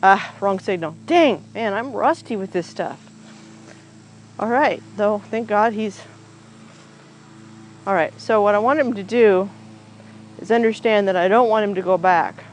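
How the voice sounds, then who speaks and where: A horse trainer talks through a groundwork session outdoors in a relaxed, chatty way. The speaker's pitch sits mid-range, and a faint outdoor hiss runs underneath. The voice is picked up by a camera standing nearby. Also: a little slow, long pauses, low-quality recording. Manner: chatty, explains each step aloud, talks to the horse in coaxing baby talk. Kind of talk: casual explanatory groundwork demo. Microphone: camera set up nearby on the ground.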